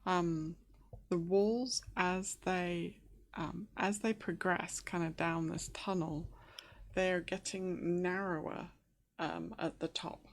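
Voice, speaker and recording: A woman's voice: on the low side, steady tone, takes it slowly. A woman running a tabletop game as game master, describing scenes hesitantly with many fillers and restarts.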